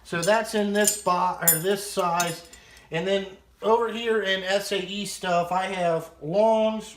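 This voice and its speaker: Man, 30s, high voice, unhurried, blunt and foul-mouthed, casual vlogger in an echoey room. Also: fairly bright tone. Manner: blunt and profane, rambling. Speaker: vlogger showing his toolbox. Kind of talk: casual show-and-tell.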